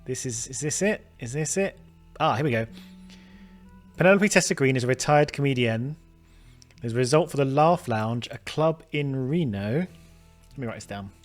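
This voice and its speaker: A man's voice: medium pitch, animated, moderate pace, pauses often, soft background music. A man casually commenting on a detective game as he plays, thinking aloud with lots of fillers and restarts, chatty and self-mocking. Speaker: gaming video host. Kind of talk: casual let's-play commentary.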